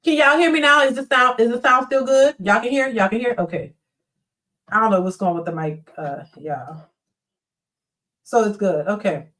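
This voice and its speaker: A woman hosting a casual live stream, reading viewer comments aloud and giving blunt, animated opinions, often mimicking other people in quick put-on voices. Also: on the high side, distant mic, poor audio.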